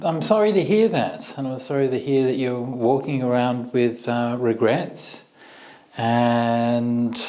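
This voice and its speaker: A man teaching meditation over a video call, speaking gently and reassuringly in a mid-range voice. He pauses and restarts often as he thinks aloud. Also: mid-range voice. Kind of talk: online Q&A answering questions.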